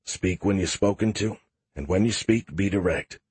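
A man voicing a blunt, quiet-spoken older army general in an audiobook. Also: low-pitched, normal speed, husky, no room sound. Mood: stern. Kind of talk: audiobook character voice.

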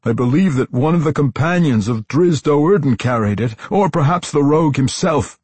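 A man's voice: expressive, normal speed, darkish tone, slightly rough, no echo. A man doing a panicked commoner drow. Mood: desperate. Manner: desperate, stammering, high-strung. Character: frightened male commoner drow, pleading. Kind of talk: audiobook character voice.

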